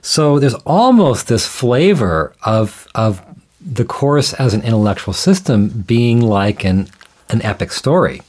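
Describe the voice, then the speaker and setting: A man explaining ideas in a measured, thoughtful way, often restarting his sentences as he talks things through. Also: medium pitch, big pitch swings, darkish tone. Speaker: guest scholar. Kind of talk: conversational explanation.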